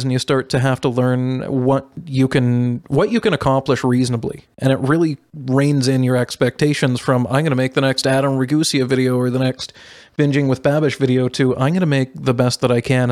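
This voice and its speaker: A man's voice: medium pitch, no echo. Candid man in dry close sound. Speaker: podcast guest. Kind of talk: casual podcast chat.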